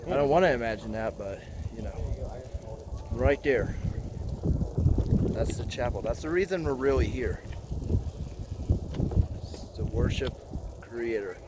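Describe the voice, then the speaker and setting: A man's voice: medium pitch, a little slow, long pauses. A man talking casually to his camera on a hike, goofy and joking, climbing a rocky outdoor trail as he talks. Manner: goofy, joking, excitable asides; walking and climbing while talking. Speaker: vlogger and root beer reviewer. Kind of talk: casual hiking vlog. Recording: outdoor phone video with wind noise.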